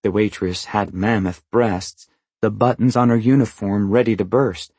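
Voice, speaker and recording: A man reading a first-person novel aloud, even and understated in his delivery. His voice is low and slightly husky, caught close on a dry mic with no room sound at all. It stays matter-of-fact throughout. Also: moderate pace, no echo. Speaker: audiobook narrator. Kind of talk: first-person literary narration.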